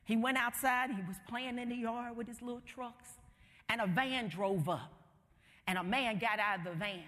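A woman's voice: fairly high pitch, moderate pace, a bit bright. A woman preacher delivering a sermon in an emphatic, rhythmic way, heard in a hall with long reverb.

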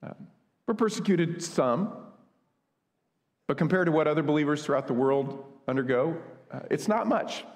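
A man's voice: a little high, animated, normal speed, long pauses. A man from the United States preaching a sermon, earnest and conversational, with asides and humor. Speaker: pastor. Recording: long hall reverb.

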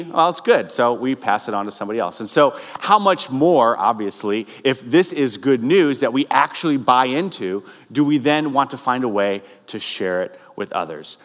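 A male pastor preaching a sermon, conversational, with rising emphatic bursts. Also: mid-range voice. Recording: long hall reverb.

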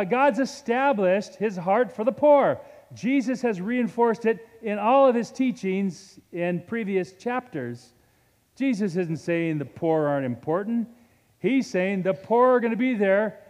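A man preaching a sermon as a pastor, with dynamic delivery that swings from loud emphasis to hushed, slow moments. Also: on the high side, in a large hall.

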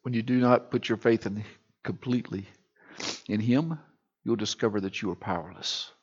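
Male pastor, husky, impassioned pulpit delivery, hushed to loud, muffled recording. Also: fairly low pitch, moderate pace. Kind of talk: sermon.

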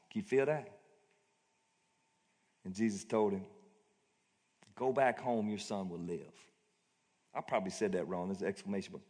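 A man's voice: fairly low pitch, moderate pace, long pauses, mellow, slightly rough. Guy preaching a sermon, chatty and plain, big echoey church hall. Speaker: pastor. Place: church auditorium. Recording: long hall reverb.

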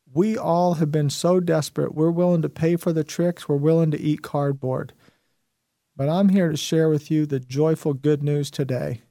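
A man's voice: a little high, warm tone, no echo, clean studio sound. A man in his fifties hosting a show, giving an emphatic motivational talk and repeating his key phrases. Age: 50s. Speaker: host.

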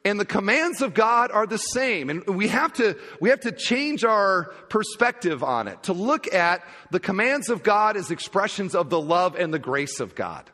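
A pastor preaching a sermon in a church, animated and given to acting out little conversations. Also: male voice, sits high, normal speed, hardly any pauses. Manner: animated, acts out little dialogues. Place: church sanctuary. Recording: long hall reverb.

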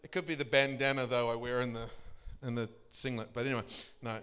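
A man's voice: fast, clear, resonant tone. A middle-aged man, a pastor telling testimony stories in a sermon. He laughs often and his voice leaps up for emphasis. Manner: animated storyteller, laughing often, pitch leaping for emphasis.

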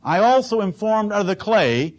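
A man's voice: sits high, sing-song, normal speed, dull audio. A man preaching a sermon as pastor, emphatic and dramatic, acting out the lines he quotes.

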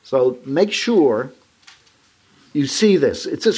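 A man delivering a sermon in a slightly husky voice. His pitch swings widely as he leans into his points. He reads scripture and talks straight to the congregation. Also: very animated, slow pace, a little mellow. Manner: emphatic, rising to stress points and addressing the congregation as folks. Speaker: preacher.

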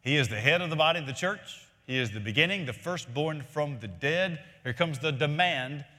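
A man preaching a sermon as senior pastor, emphatic, repeating key phrases and climbing higher to stress his points. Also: expressive, moderate pace, bright, forceful tone. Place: large church sanctuary. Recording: long hall reverb from a church.

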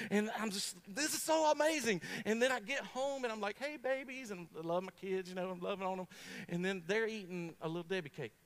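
High-voiced preacher, folksy and funny. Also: male voice. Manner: folksy, humorous, animated storytelling. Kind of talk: sermon.

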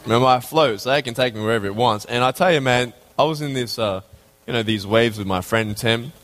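A man from Australia, preaching as a guest speaker and telling a personal story, his voice leaping high when excited and dropping slow and hushed to make a point.

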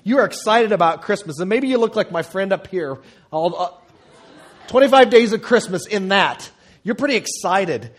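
Conversational pastor, a man with higher pitch. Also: animated, normal speed. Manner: conversational, humorous, frequent fillers and restarts. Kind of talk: sermon. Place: church auditorium.

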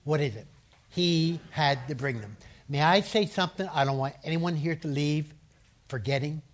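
A man's voice: a little high, moderate pace. Emphatic male preacher repeating key lines. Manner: emphatic, repeats key phrases, has the audience say verses aloud. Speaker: preacher and seminary professor. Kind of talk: sermon.

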